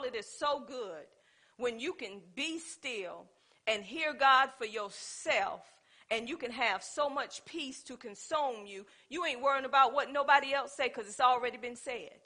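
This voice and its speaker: Woman preacher, high-pitched, bright voice, animated storytelling sermon. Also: normal speed. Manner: animated, conversational, with dialect and storytelling.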